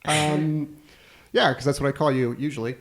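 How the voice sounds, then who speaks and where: A man's voice: a little high, steady tone, moderate pace. A man co-hosting a comedy podcast who tells a history story in a rambling, jokey way and laughs between his own lines. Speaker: podcast co-host, history presenter.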